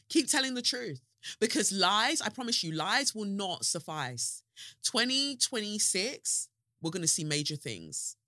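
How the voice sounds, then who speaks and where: A young woman podcast host, talking in a passionate, sarcastic monologue that swings between loud outbursts and low mutters. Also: no echo, studio quality. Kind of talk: casual opinionated monologue.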